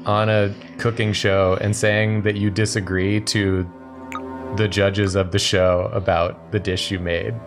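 A man co-hosting a casual gaming stream, playful, his voice jumping up when excited. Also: on the low side, measured pace. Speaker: streamer co-host. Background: music.

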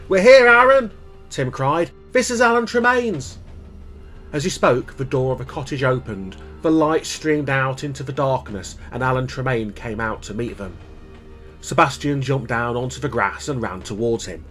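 A man reading a children's book aloud in calm, measured storytelling. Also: medium pitch. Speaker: storybook reader.

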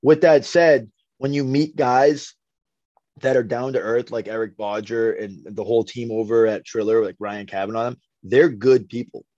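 A man's voice: mid-range voice, moderate pace, a little mellow, dry recording. Young male boxer, blunt and profane storyteller; dry, slightly muffled podcast sound. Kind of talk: casual interview chat.

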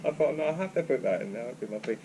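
A man's voice: mid-range voice, lively intonation, very fast, warm tone. A man hosting a casual interview, cheerful and joking as he reads out questions and runs a game. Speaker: host.

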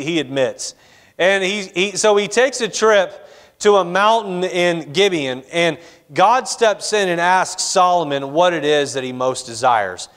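A pastor preaching a sermon in a church, talking in a loose, conversational way with many fillers and acted asides. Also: male voice, a little high, a bit bright. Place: church sanctuary.

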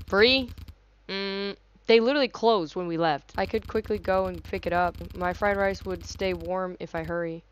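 A woman's voice: mid-range voice, moderate pace, clear, resonant tone. A young woman who plays a horror game on her channel, reacting jumpily and swearing a lot. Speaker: gaming YouTuber. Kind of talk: horror let's play commentary. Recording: dull lo-fi audio.

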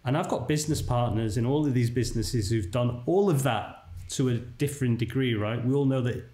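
A middle-aged man talks through his career in a relaxed, conversational way, and he keeps checking in with the listener. His voice has a mid-range pitch, and it sits in a noticeably echoey room. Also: a little fast. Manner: chatty, keeps checking in with "right?". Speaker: podcast guest, dental marketing entrepreneur. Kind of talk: casual conversational interview. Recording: roomy echo.

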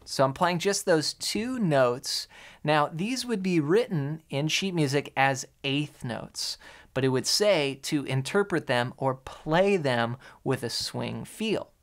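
A man's voice: a little high, animated, takes it slowly. A man teaching an online guitar lesson, explaining rhythm and counting beats aloud while he plays. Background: guitar playing.

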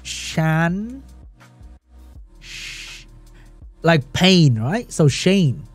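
A man giving live esports commentary on a stream, reacting excitedly, laughing often and chatting with his viewers. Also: on the high side, very slow, faint music behind. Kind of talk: live game commentary while reading chat.

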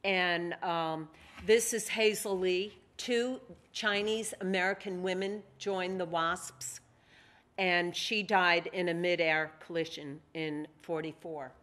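A woman author presents at a museum library, talking slowly and deliberately. She mixes plain explanation with passages read aloud from her own writing. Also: on the low side, fairly even intonation, fairly bright tone. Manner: slow, measured, reading aloud.

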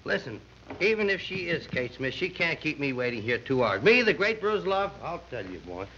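A man's voice: mid-range voice, lively intonation, a little fast, sharp tone. A man playing a boastful, blustering bandleader in a 1930s film comedy scene. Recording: muffled old film soundtrack with hiss.

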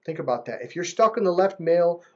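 Man, relationship coach, casual to-camera monologue, animated, husky voice, dull lo-fi audio. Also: fairly high pitch, fast talker. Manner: animated, mimics other people's voices.

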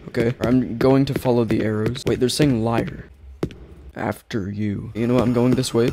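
A man at his mic, narrating his horror game run in a rambling, easily startled way, breaking into repeated yelps. His voice sits at an average pitch, with a steady hiss of background noise on the recording. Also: moderate pace. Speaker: gaming YouTuber.

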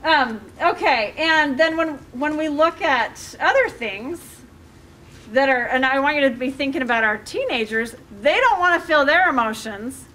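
A middle-aged woman with a high voice leads a life coaching workshop. She talks in a loose, conversational way, full of fillers, and keeps turning to the audience with questions. A faint hiss runs under her voice. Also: lively intonation, normal speed, sharp tone. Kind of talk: workshop talk to a group.

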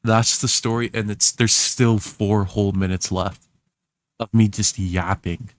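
A man's voice: fairly low pitch, fairly even intonation, unhurried, dry recording. A young man reacting to his old video, wry and self-mocking, often laughing. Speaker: vlogger. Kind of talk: reaction commentary.

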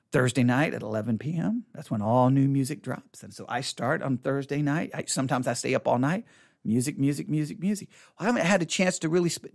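In a gravelly, medium-pitched voice, a pastor gives casual Bible teaching that rambles and restarts. He's animated and acts out the voices of excited kids.

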